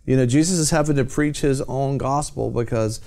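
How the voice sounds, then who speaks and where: A man's voice: mid-range voice, moderate pace, vocal fry, a little mellow. A man hosting a Christian television program, talking about faith in a fervent, exhorting preacher's cadence. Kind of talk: evangelistic TV talk.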